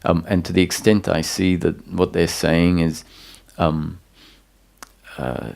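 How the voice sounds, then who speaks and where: A man giving a satsang talk as a spiritual teacher, explaining calmly with pauses and restarts. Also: low voice, creaky.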